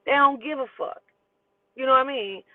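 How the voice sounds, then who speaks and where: A woman telling a casual storytime monologue, profane and animated, often breaking into laughter. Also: high voice, moderate pace, dry recording. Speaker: storytelling host. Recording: tinny phone-like audio.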